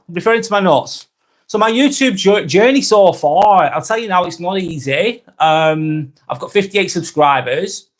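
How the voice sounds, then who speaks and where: Lancashire man, YouTuber on a live stream, rambling and earnest, lots of self-corrections. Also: a little high. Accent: Lancashire (Blackburn). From Lancashire, northwest England. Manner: rambling and reflective, frequent restarts and self-corrections. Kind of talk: casual live-stream monologue.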